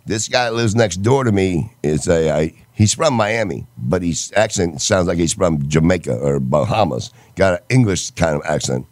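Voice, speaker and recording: A man's voice: low-pitched, animated, normal speed, hardly any pauses, darkish tone, dry recording. A man from Michigan in casual chat, telling rambling stories with restarts. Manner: rambling storyteller with stops and restarts.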